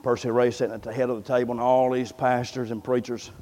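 A pastor preaches an impassioned, folksy sermon in a warm, mid-range voice, speaking fast with a level tone. He often repeats words as he builds, and a large hall's long reverb surrounds him.

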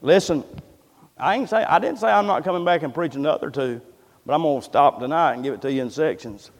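Impassioned preacher in a big hall. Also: male voice, fairly high pitch, expressive, fast. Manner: impassioned, repeats words, folksy. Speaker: pastor. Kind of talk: sermon. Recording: long reverb of a large hall.

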